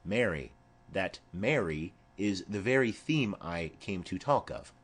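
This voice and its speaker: A man's voice: sits low, animated, measured pace, slightly rough, full character voice. A man voicing a stately noblewoman urging her daughter to marry, formal and persuasive, in an audiobook play reading.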